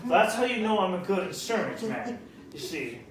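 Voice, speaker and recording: A man from Canada performing a stand-up comedy set, animated and slipping into quick character voices. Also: high voice, very echoey, recorded from a distance, a loud crowd.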